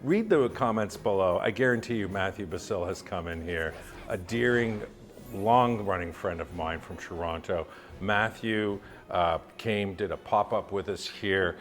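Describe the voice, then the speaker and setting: A man cooking and demonstrating a recipe as a chef, chatting with jokes and lively asides. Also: fairly low pitch, moderate pace. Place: kitchen, cooking at the stove. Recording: sizzle and kitchen noise. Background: sizzling pan.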